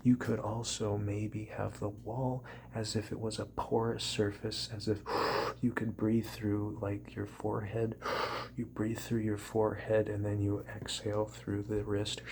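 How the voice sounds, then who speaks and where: A man rambling in a meandering, repetitive way for an ASMR video, often dropping into soft whispers. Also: lowish voice, slight background noise. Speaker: ASMR creator.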